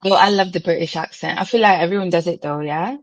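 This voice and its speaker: Low-voiced woman, chatty podcast guest. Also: quick pace, no echo, rough recording. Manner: chatty, filler-heavy, laughs easily. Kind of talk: casual podcast interview.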